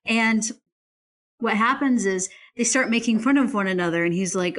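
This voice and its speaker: A woman in casual conversation, an animated storyteller who laughs often while recounting a book. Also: mid-range voice, normal speed.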